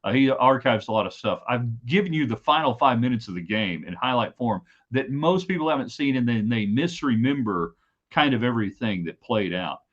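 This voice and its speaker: Middle-aged man, animated rambling host, mid-pitched voice, dull lo-fi home-office sound. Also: brisk. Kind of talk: casual live-stream chat.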